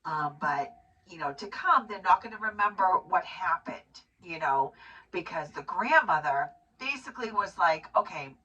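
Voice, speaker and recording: A woman's voice: lowish voice, normal speed, husky, dull audio. A middle-aged woman in casual chat, rambling through a movie story and acting out the characters' lines. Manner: rambling, animated storytelling with acted-out quotes. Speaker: co-host recapping a movie. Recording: distant mic with hiss.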